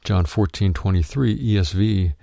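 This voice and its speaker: A man narrating a written Bible teaching, reading it out in a measured way and calling out verse references. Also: deep voice, vocal fry, dark tone, no room sound, clean studio sound.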